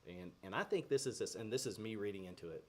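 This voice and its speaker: A man teaches a devotional in a relaxed, conversational way. He speaks earnestly, often pausing with fillers and restarting phrases. His voice sits somewhat low.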